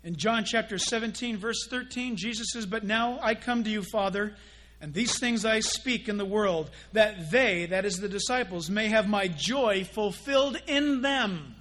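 A male pastor preaching a sermon in an animated way, acting out mock dialogues. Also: sits high, normal speed.

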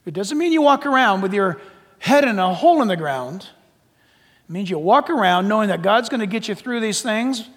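High-voiced man preaching in an echoing hall. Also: husky. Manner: animated, joking, emphatic preaching. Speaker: pastor. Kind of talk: sermon. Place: church sanctuary. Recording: long reverb of a large hall.

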